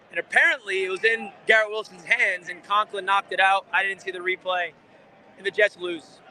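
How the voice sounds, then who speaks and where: A man's voice: high voice, pushed and bright, slight background noise. A man hosting a fan channel, giving an angry, frustrated live post-game rant outside a stadium, swearing often.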